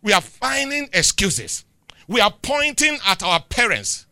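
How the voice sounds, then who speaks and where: Nigerian pastor man preaching, swings loud then quiet, sharp tense voice, dry close sound. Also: sits high, very animated, unhurried, no echo. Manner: emphatic, swings between loud declarations and quiet asides. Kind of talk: sermon.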